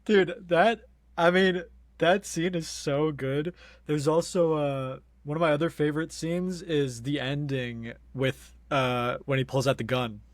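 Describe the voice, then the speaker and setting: A man's voice: on the high side, steady tone, unhurried, dry recording. Young guy on a movie podcast hyping up a comedy, swears, dead dry mic sound. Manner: enthusiastic, laughing, swearing. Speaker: podcast co-host. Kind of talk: casual film review chat.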